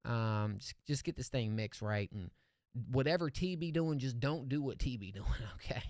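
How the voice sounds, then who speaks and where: A Californian man with a medium-pitched, slightly mellow voice talks animatedly at a moderate pace in a dry, clean studio recording. Reacting to listener songs on his stream, he keeps up laid-back, slangy banter and calls people dog.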